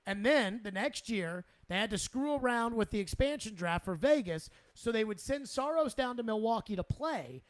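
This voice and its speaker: High-voiced exasperated sports radio host. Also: male voice, expressive, normal speed, few pauses. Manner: exasperated, sarcastic, repeats himself. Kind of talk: animated sports talk radio.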